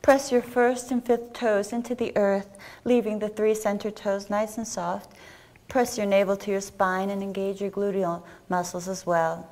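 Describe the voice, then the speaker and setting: A woman teaching a yoga class, giving gentle, encouraging step-by-step instructions. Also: mid-range voice, level tone, normal speed.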